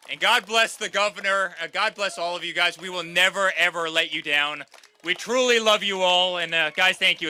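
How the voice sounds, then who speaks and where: A man's voice: high-pitched, bright, forceful tone, slight background noise. A man in his thirties giving a campaign rally speech, repeating lines and calling the crowd "guys". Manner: repetitive, rallying crowd, addresses them as guys. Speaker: campaign speaker.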